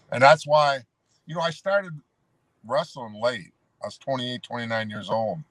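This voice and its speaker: A medium-pitched man is heard on a dry recording. He's an ex-pro wrestler visiting as a guest, telling road stories in a relaxed, meandering style, saying "you know" often and calling the host "brother."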